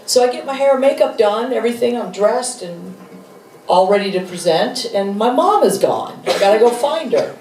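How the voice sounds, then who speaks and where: A woman in her fifties, a guest author and rock musician, telling animated stories with laughs at an onstage interview. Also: mid-range voice, normal speed, a little hiss or hum. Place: bar venue with live audience. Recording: echoey room, mic from a distance.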